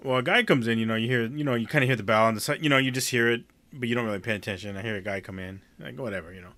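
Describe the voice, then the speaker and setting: Male co-host, casual swearing storyteller, bright forceful tone, dry close sound. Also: medium pitch, rapid-fire, dry recording. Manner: rambling profane storyteller, laughs often. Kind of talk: casual chat.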